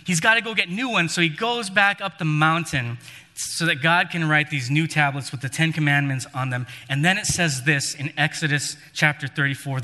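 A man with a fairly high, very bright voice preaches a sermon, telling the story and acting out the quoted lines. His voice rings through a long hall reverb, as in a church sanctuary. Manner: storytelling, voices quoted figures with rising and falling emphasis.

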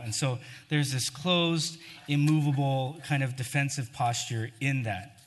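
A man's voice: medium pitch, expressive, unhurried, a bit bright. A man preaching a sermon in a conversational way, acting out the scripture passages he quotes, recorded in a reverberant hall.

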